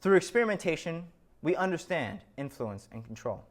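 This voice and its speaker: A man narrates a scripted lecture and leans on stories to make his points. His voice sits a little high and moves around a lot, and he drops in wry asides. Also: sing-song, fairly quick.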